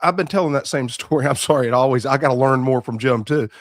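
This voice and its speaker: A man hosting a podcast, talking in a rambling, animated way and steering his guest with leading questions. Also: medium pitch, quick pace, no echo, studio quality. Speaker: podcast host. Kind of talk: casual podcast interview.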